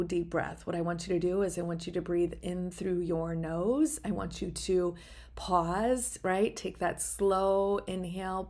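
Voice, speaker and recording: A middle-aged woman with a fairly low, slightly mellow voice hosts a podcast, guiding listeners through a short wellness exercise. Upbeat and encouraging, she narrates her own actions and keeps checking in with "right?"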